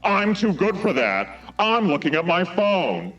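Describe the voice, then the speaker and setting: A man voicing a gruff male robot leader who rants indignantly, through a radio-style filter. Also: high voice, very animated, unhurried, a bit bright, far from the mic, dull audio, pitched above the performer's own voice, exaggerated voice. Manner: blustering, indignant ranting. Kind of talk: comic live-stream impression.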